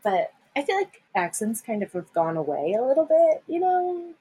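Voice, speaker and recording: Young woman, husky, lively pitch, giggly, casual podcast chat. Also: moderate pace, poor audio. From Midwestern US. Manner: giggly, animated, gasps and exclaims often. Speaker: podcast co-host.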